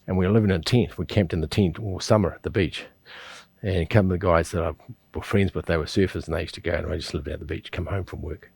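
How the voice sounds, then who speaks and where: A man's voice: sits low, steady tone, quick pace, creaky, darkish tone, slightly rough, no echo. A middle-aged man, teaching a qigong class and telling rambling stories with chuckles and restarts. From New Zealand. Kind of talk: instructional class with personal storytelling.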